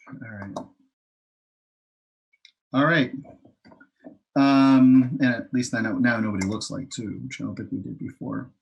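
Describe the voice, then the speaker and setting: A man's voice: medium pitch, steady tone, slow pace, vocal fry, long pauses, slightly rough, dull audio. A man playing a tabletop game, speaking hesitantly with many fillers. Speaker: player. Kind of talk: casual tabletop role-play.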